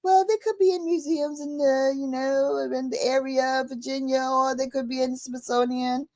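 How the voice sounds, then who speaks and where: A woman's voice: high voice, fairly even intonation, normal speed, a little mellow, voice pushed up. Woman putting on a prim British-sounding AI.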